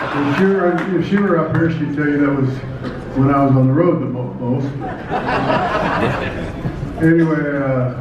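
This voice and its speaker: An older man from Nebraska speaks at a podium, slowly and haltingly, with wry self-deprecating humor. His voice sits a little high for a man. The sound is dull and comes from a distance in a big echoing hall with faint noise behind. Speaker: award recipient giving a speech. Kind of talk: hall of fame acceptance speech.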